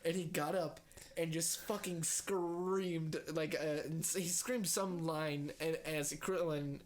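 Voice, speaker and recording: A young man with a fairly high voice, co-hosting a laid-back podcast chat. He tells stories in an animated way, packing every sentence with "like" and casual swearing. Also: slow pace. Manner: animated storyteller, heavy filler "like", swears freely. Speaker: podcast co-host.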